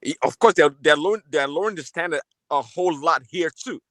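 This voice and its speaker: A man's voice: fairly high pitch, fast talker, a bit bright, no echo. A man on a panel, asking probing questions with hesitant fillers. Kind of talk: panel discussion.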